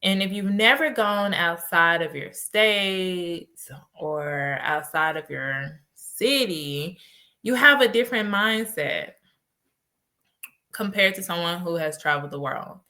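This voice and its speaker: Bright-voiced woman podcast host. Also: on the low side, slow. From United States. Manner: animated storytelling with laughs. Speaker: podcast host and life coach. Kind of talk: casual solo podcast talk.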